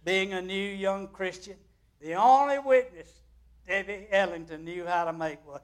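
Slow, high-voiced preacher. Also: male voice, clear, resonant tone. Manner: dramatic storytelling with big swings in loudness. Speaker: pastor. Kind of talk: sermon.

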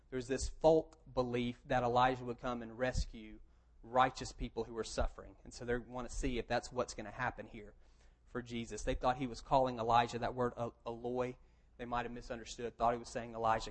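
A man's voice: mid-range voice, low-quality recording. A man preaching a sermon, reading scripture aloud and then explaining it in a plain, conversational tone. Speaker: pastor.

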